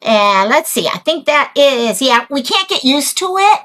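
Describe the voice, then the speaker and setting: A woman hosting a casual livestream chat, excitable and rambling as she greets viewers and a guest. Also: high voice, a little slow, rough recording. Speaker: livestream host.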